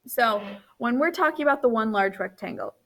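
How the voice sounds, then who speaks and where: A woman's voice: a little high, lively intonation, fairly quick, creaky, a bit bright. A woman teacher walking through a recorded math lesson, counting aloud as she draws and correcting her own slips, tired and yawning.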